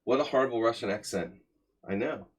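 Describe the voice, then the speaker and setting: A man's voice: medium pitch, brisk. A man in his forties giving sardonic, chatty commentary while he plays chess on a live stream and talks to his chat.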